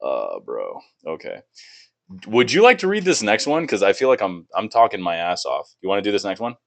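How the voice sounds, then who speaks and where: A man's voice: on the low side, huge pitch swings, brisk, creaky. A young man hosting a casual gaming podcast, loose and profane, laughing a lot and reading game blurbs aloud. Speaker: podcast host.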